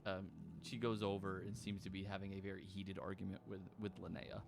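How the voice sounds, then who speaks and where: A man's voice: low voice, flat delivery, brisk, gravelly, noisy background. A man narrating as game master in a tabletop game, laughing often. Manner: laughing, easygoing.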